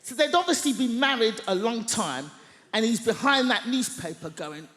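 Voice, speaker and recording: A woman stand-up comedian telling a story on a large theatre stage, loud and theatrical. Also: on the high side, expressive, normal speed. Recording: echoey theatre hall, faint noise.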